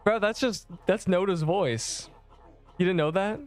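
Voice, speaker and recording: A man's voice: high voice, measured pace, soft background music. Young man joking with his stream chat. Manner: joking, sarcastic banter with chat. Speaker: game streamer. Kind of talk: casual live-stream chat.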